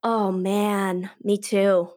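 A woman's voice: medium pitch, little pitch movement, extremely slow, darkish tone. A woman in casual podcast chat, agreeable and giggly.

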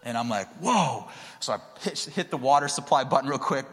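A young adult man, a pastor, giving a sermon in a relaxed storytelling way that grows more animated at times. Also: mid-range voice, fairly quick. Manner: conversational storytelling, rising to excited emphasis. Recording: long reverb of a large hall.

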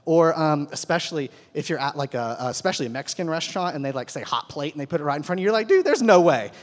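A man's voice: a little high, very fast. A man giving a casual, conversational Bible lesson to a group, often checking in with his listeners. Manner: conversational, keeps asking "right?". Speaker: Bible teacher. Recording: long hall reverb.

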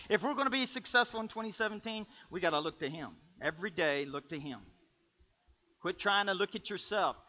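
A male pastor preaching with a bright, forceful, fairly high voice. He swings between loud bursts and quiet, confiding asides. The recording sounds dull and lo-fi. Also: big pitch swings, brisk. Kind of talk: sermon.

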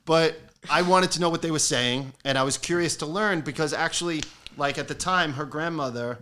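A man's voice: fairly high pitch, a little fast, sharp tone. Laughing man telling family stories. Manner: storytelling with laughs and Italian quotes. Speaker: guest. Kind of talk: casual chat.

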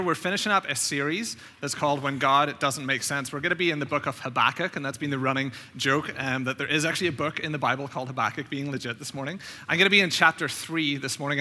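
A man's voice: on the high side, bright, forceful tone. A man preaching as a visiting pastor, talking conversationally and telling stories, often repeating words. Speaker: guest preacher. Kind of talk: sermon. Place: church sanctuary. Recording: church sanctuary with long reverb.

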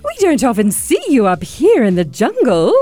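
A woman voicing a chirpy, naive little bird in a storybook read-aloud, in a high sing-song manner. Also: huge pitch swings, moderate pace, mellow, no echo, faint music behind.

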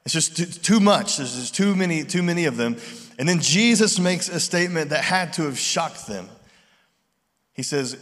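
A man preaching a sermon in a relaxed, conversational way, acting out voices in his retellings. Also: on the high side, normal speed. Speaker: pastor. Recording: long reverb of a large hall.

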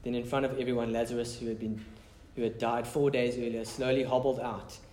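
A man's voice: medium pitch, little pitch movement, a little fast, darkish tone, echoey room, slight background noise. A man preaching a casual, conversational sermon as pastor, mixing prayer, scripture reading and chatty asides.

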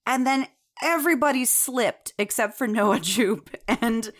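This woman speaks on the high side and a little slowly. She's co-hosting a podcast reviewing a TV series, chatting casually and digressively, with lots of fillers and frequent laughter.

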